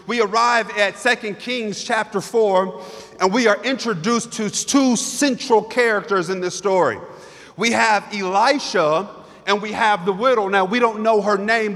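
A guest preacher with a high, fairly bright voice delivers a sermon in a church sanctuary. He is emphatic and repetitive, building momentum with rhetorical questions, and long church reverb trails his words.

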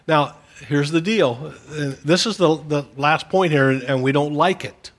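A man, a pastor, preaching a gentle, conversational sermon with casual asides to his listeners. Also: a little high, normal speed.

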